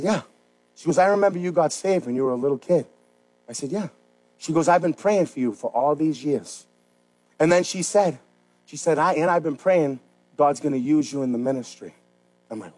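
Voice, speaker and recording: A high-pitched, middle-aged man delivers a fervent sermon as a pastor. He swings between hushed, intimate appeals and loud, rising exhortations, and slips in self-mocking jokes between passages. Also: low-quality recording. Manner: swings from quiet and intimate to loud, shouted emphasis; self-deprecating jokes between passionate preaching. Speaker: pastor of the church.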